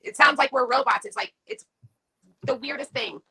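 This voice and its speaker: Woman guest on a video call, brisk and husky, bright tone, keeps chiming in. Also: sits high, rough recording. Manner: quick, agreeable, interjects often. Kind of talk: casual live-stream chat.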